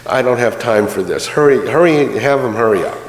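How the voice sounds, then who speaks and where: A man voicing an angry, impatient rich old merchant who shouts and demands attention. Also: medium pitch, lively intonation, fairly quick, lightly acted. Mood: indignant. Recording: roomy church hall reverb.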